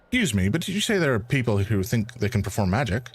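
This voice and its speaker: A man's voice: on the low side, sing-song, fast talker, breathy edge. A man reading the lines of a blunt, skeptical male detective in his own voice. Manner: blunt, questioning.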